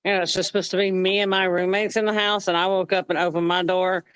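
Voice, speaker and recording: A woman on a discussion panel, talking in an animated, exasperated way. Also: lowish voice, fast talker, smooth, no room sound, low-quality recording.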